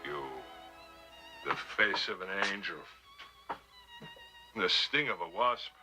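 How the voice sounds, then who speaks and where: Brief: playful big slob of a suitor, lively voice, music under. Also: male voice, low voice, takes it slowly. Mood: teasing. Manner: teasing, playful. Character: teasing burly young male sweetheart.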